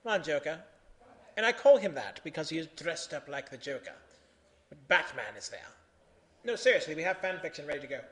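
A man hosting a comic live reading of odd fan fiction, theatrical and bursting into loud shouted voices. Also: a little high, sing-song, a little fast.

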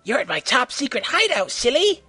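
A man's voice: very high-pitched, big pitch swings, moderate pace, pushed and bright, breathy edge, no echo, faint music behind, voice pushed up, heavily acted. A man playing a sly fox clown villain. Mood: sneering. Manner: sneering, wheedling, sometimes whispery. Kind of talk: amateur audio story reading.

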